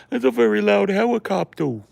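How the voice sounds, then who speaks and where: A man putting on a mocking high voice of someone amazed at loud noises, exaggerated and sarcastic, as a comic bit in podcast banter. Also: animated, vocal fry, no room sound, heavily acted. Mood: mock amazement. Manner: exaggerated, slow, sarcastic wonder.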